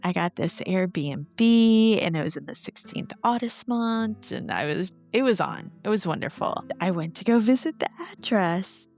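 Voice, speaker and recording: A woman's voice: medium pitch, lively intonation, normal speed, creaky, hardly any pauses, darkish tone, soft background music. A woman hosting a podcast, telling personal stories in a theatrical, self-mocking way with playful asides. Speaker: podcast host. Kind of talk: personal storytelling monologue.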